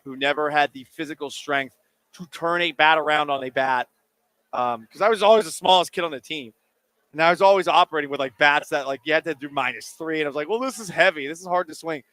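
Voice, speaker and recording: A man hosting a sports radio show, chatting casually and joking with listeners' questions. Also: fairly high pitch. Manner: animated, jokey, talks while eating. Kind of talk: casual call-in radio talk. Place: radio studio. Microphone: studio microphone.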